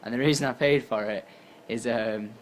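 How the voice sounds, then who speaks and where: A tired young man from England telling a story casually to camera, acting out his own lines with sudden jumps in pitch and loudness. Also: normal speed. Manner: animated, acts out quotes with jumps in pitch and volume. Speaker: YouTuber.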